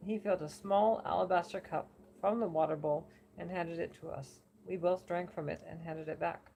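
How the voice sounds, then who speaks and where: Low gravelly woman reading aloud. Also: normal speed, hardly any pauses, a little hiss or hum, poor audio. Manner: steady, careful storytelling with occasional slips. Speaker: reader. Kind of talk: elocution practice reading aloud.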